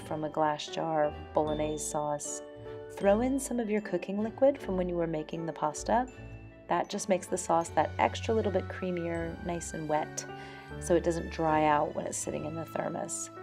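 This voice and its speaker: An American woman narrates her day in a mellow, gravelly voice that sits fairly low. She talks in a chatty, upbeat way and hands out tips like a friend would, with soft music behind her. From United States. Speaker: vlogger. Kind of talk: voice-over narration.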